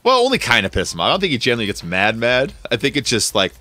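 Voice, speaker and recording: A man's voice: medium pitch, wildly swooping pitch, very fast, pushed and bright, soft background music. A man hosting a casual gaming livestream, chatting and laughing with friends and greeting viewers in chat. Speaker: livestream host.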